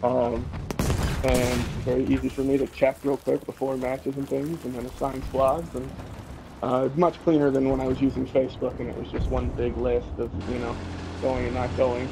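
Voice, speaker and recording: A man's voice: mid-range voice, little pitch movement, moderate pace, vocal fry, background noise. A man who leads a gaming clan, chatting casually in an interview, easygoing and laughing often. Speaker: clan leader.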